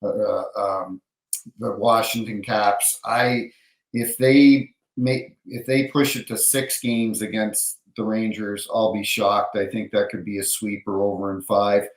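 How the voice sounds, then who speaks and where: A middle-aged man, an NHL referee, telling an animated hockey anecdote in casual storytelling, acting out the voices of others. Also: fairly low pitch, takes it slowly. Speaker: NHL referee, podcast guest. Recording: roomy echo.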